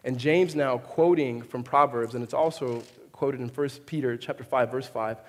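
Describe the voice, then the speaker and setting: A man preaching a sermon as pastor, animated, often restarting and acting out the voices he quotes. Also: mid-range voice, normal speed. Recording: reverberant hall.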